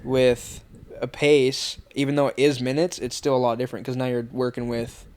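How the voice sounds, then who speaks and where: A man's voice: mid-range voice, little pitch movement, normal speed, darkish tone, slight background noise. A man hosting a podcast, chatting in a laid-back way, swearing casually and agreeing often. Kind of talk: casual chat.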